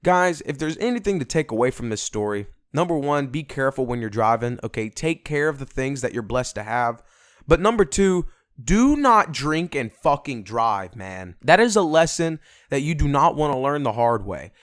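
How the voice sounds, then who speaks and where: A young man telling a story on a casual vlog, animated and swearing a lot. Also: medium pitch, normal speed, dry recording, clean studio sound. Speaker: vlogger.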